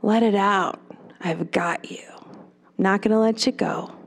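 A woman acting out how she spoke to a sobbing little boy, coaxing him to calm down. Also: a little high, moderate pace, lightly acted. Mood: soothing. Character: soothing woman calming a crying little boy.

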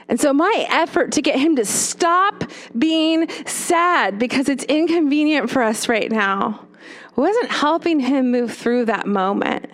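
A woman, a former children's pastor, giving a storytelling talk to parents, often checking in with "right?". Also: sits high. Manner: storytelling with tag questions.

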